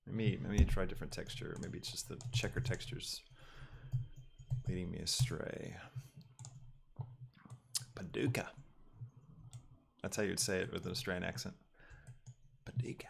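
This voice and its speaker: Low, gravelly male streamer who muses and stalls while he works; casual, unpolished delivery. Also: level tone, slight background noise. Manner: thinking aloud, halting with ums and restarts. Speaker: 3D artist livestreaming his work. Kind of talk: casual livestream talk while working.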